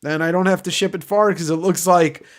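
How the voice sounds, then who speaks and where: A man's voice: high voice, fairly even intonation, a little fast, slight background noise. A man hosting a livestream giveaway, talking casually in a nasal voice, rambling and joking with the odd curse. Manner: rambling, joking, swears freely. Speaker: livestream host.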